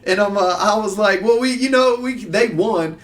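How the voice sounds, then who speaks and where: A man, a podcast guest telling stories in casual chat, animated and acting out the people he quotes. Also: sits high, moderate pace, distant mic. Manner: animated, laughing storyteller who acts out voices. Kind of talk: casual storytelling.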